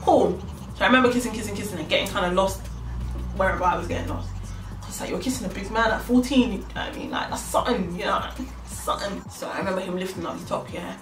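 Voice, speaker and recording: A young woman vlogger with a mid-range voice moves at a quick pace through a slang-filled, casual story, performing both roles. The mic is far off in an echoey room, and music plays faintly.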